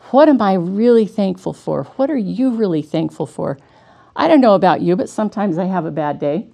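A woman's voice: medium pitch, vocal fry, warm tone. A middle-aged woman telling a personal faith story in an earnest, conversational way. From Washington state, USA. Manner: earnest and conversational, with small restarts. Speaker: speaker giving a devotional talk. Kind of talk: heartfelt devotional storytelling.

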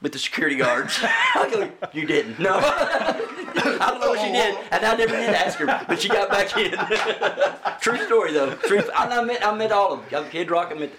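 Over a loud crowd, a high-pitched man from Oklahoma tells stories at a moderate pace, very animated throughout. He's a guest musician, cursing and laughing at his own anecdotes in this casual storytelling. The space echoes, with faint noise present.

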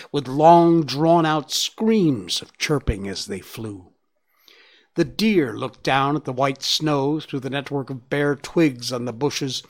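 Brief: a man narrating a storybook, slow and measured, dramatic with hushed moments. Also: mid-range voice. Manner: measured, dramatic, drops to a hush. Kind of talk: storybook reading.

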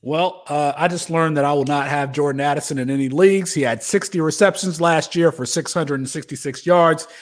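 High-voiced man hosting a sports podcast. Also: a little fast, few pauses. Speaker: podcast co-host. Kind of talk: casual sports podcast chat with mock courtroom bits.

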